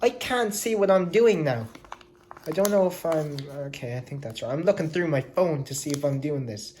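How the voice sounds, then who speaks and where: A man's voice: fairly high pitch, a little mellow, a little hiss or hum. A young man talking casually to the camera in a vlog, hyper and jokey, rambling from one thing to the next. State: out of breath. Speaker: vlogger.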